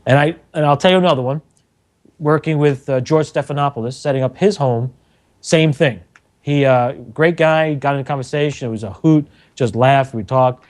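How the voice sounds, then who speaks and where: A middle-aged man, a radio engineer, telling lively anecdotes on a talk show and acting out the quotes. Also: medium pitch, normal speed. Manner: animated storyteller, acts out quotes, laughs often.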